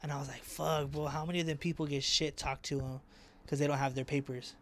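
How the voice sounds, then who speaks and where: A young man, a podcast guest, telling animated, slang-heavy stories full of swearing. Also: on the high side, quick pace, noisy background. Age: young adult. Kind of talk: casual storytelling.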